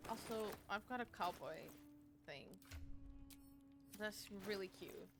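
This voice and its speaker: A woman's voice: medium pitch, slow pace, music in the background. A woman streaming a video game, chatting casually and talking back to the characters on screen in a self-mocking way. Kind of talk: casual gameplay commentary.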